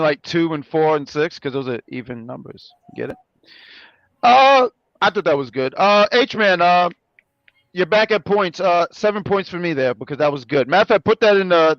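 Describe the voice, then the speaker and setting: Lively high-voiced joking man. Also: no room sound, muffled recording. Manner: animated, joking, self-correcting. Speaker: co-host. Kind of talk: casual review chat.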